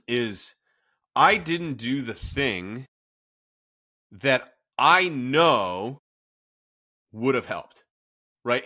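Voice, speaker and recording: A mid-range, pushed and bright voice belongs to a man in his thirties, a fitness coach hosting a casual podcast. He speaks in a candid, self-reflective manner, with many fillers and restarts.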